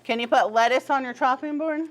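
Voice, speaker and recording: A woman's voice: high voice, steady tone, fairly quick, a little hiss or hum. A young woman teaching a pre-kindergarten class in a classroom, upbeat and encouraging, giving short firm directions to small children. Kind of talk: classroom instruction.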